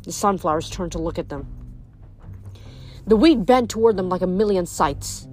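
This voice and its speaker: A woman's voice: on the low side, animated, moderate pace, a little mellow, faint music behind. A young woman reading a novel aloud, then chatting casually about it with fillers. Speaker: reader.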